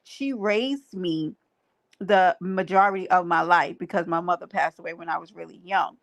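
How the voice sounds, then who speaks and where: A woman with a lowish, creaky voice hosts a livestream at normal speed, talking to her chat in casual but emphatic, preachy fashion and repeating her phrases.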